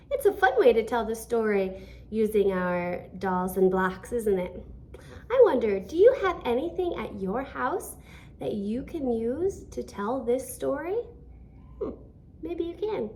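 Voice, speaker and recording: Slow, animated woman telling a children's story. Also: on the high side. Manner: animated, asks questions to young listeners. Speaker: teacher. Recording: roomy, distant from the mic.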